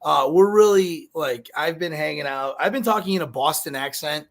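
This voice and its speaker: A man's voice: on the high side, moderate pace, hardly any pauses, a bit bright. A man from Chicago hosting a live online show, rambling with lots of fillers and joking. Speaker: host. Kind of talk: casual live show chat.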